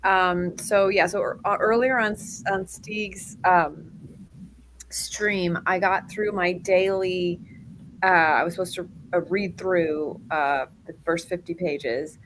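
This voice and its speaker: Woman, lowish voice, rambling with fillers, faint background noise, video call. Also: steady tone, slow, fairly bright tone. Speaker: guest writer. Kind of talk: casual chat.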